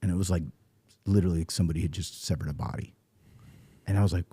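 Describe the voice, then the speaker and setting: A middle-aged man from California hosting a podcast, asking questions and telling stories with lively acted-out quotes. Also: sits low, fast, slightly rough, dry recording. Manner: lively storyteller, acts out quotes. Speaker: podcast host. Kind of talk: casual interview chat.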